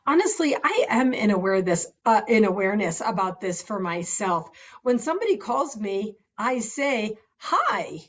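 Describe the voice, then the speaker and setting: A woman's voice: mid-range voice, sing-song, normal speed, highs cut off. A middle-aged woman coach talking about confidence and voice in a casual, earnest and enthusiastic way, laughing often. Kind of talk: casual self-recorded advice talk.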